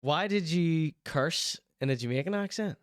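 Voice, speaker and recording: Teasing man, smooth voice. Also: a little high, expressive, normal speed, no room sound, clean studio sound. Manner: chatty, teasing, mock-concerned asides. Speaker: host reacting to clips. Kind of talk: casual reaction commentary.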